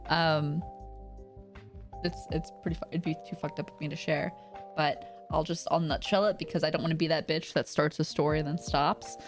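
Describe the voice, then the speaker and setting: A woman's voice: low-pitched, fairly even intonation, normal speed. Woman streamer, casual storytelling, rambly, laughs a lot, faint music behind. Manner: rambling, laughs often, lots of "like".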